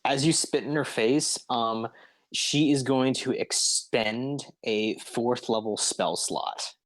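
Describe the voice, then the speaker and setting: A man narrating a tabletop game as game master, unhurried and full of ums and uhs. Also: mid-range voice, no echo.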